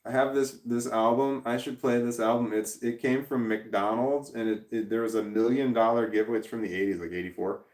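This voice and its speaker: A man's voice: medium pitch, fairly even intonation, fairly quick, hardly any pauses, a little mellow. A man in his forties hosting a casual livestream and reading viewer comments, rambling, swearing and interrupting himself. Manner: rambling, profane, self-interrupting. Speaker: livestream host. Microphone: camera in front. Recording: roomy echo.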